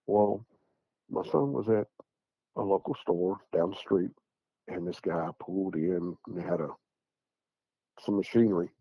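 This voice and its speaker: Gravelly deep-voiced man. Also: a little slow, pauses often, no room sound, dull audio. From Tennessee. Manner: rambling, repeats words, quotes others. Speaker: eyewitness guest. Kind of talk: casual spoken storytelling.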